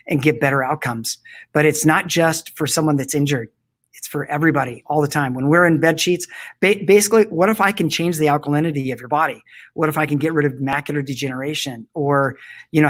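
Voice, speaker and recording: A man's voice: a little high, fairly bright tone. A man talking as a guest in an interview, enthusiastic and rambling, with many restarts. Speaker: product company founder, guest. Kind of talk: casual interview talk.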